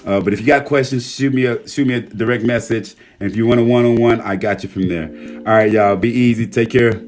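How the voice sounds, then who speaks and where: A hoarse man hosting a casual livestream, reading out viewer names and speaking earnestly, with frequent swearing. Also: mid-range voice, steady tone, brisk, faint music behind. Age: adult, a military veteran. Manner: warm shout-outs reading viewer names. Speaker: livestream host.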